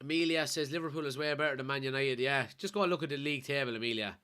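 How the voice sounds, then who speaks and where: An Irish man from Kilkenny with a blocked nose from a cold, excitedly commenting live on a football match and reading out chat messages as a watchalong streamer. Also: medium pitch, very fast, clear, resonant tone. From Kilkenny, Ireland. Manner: excitable, shouts at players and referee.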